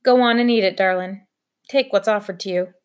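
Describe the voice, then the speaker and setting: A woman's voice: a little high, expressive, normal speed. A woman doing a drawling old grandpa. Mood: gentle. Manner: drawling, homespun. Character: folksy teasing old grandfather, gentle underneath.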